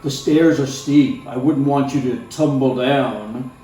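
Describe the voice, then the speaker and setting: A man reading aloud and voicing a sinister, grinning male neighbor who makes monsters, in a low, sly, drawn-out way. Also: mellow, close to an everyday voice. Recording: very echoey room, faint music.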